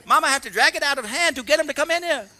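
A man's voice: extremely high pitch, racing, sharp tone, pitched above the performer's own voice, exaggerated voice. Man playing a fuming Korean woman taekwondo master. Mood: exasperated. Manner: broken English, clipped exclamations. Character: fuming woman taekwondo master, sixth-degree black belt.

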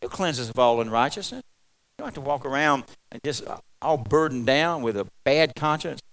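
A man preaching a folksy, rambling sermon, swinging from loud exclamations to quiet asides. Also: mid-range voice, animated, normal speed. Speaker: pastor.

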